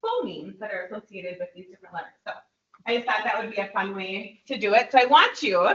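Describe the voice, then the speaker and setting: A woman presenting at a training workshop, leading a quick call-and-response drill with her listeners. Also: on the high side, sing-song, bright, forceful tone. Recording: echoey room, distant dull mic.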